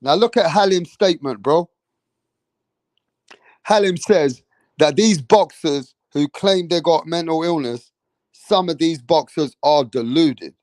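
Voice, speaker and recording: A man's fairly high voice, loose and profane, hyping up his chat on a boxing livestream. The sound is dry and close, with little room in it. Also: unhurried, dry recording. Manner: loose, profane, hypes up chat with shout-outs. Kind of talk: casual livestream chat reading comments.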